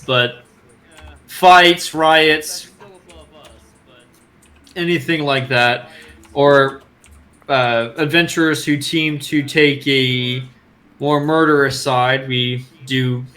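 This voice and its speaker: A man's voice: medium pitch, fairly bright tone. A man voicing a scarred male half-orc gatekeeper in a tabletop game, explaining in a matter-of-fact way.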